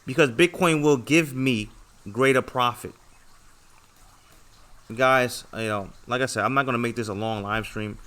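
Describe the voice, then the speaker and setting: A young man talks from home on a casual livestream, earnest and a little preachy as he lectures his viewers. His voice is bright and forward, and he keeps checking in with them as he goes. The pitch sits in the middle for a man. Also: a little slow, long pauses. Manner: earnest, repetitive, lecturing with many "okay" and "all right" checks. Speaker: trading livestream host.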